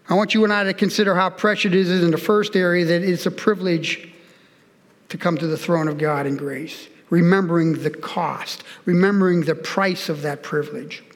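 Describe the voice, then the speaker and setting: Older male pastor in his 60s, high-pitched, earnest sermon delivery, long echo of a church hall. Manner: earnest, personal storytelling, direct appeals to listeners.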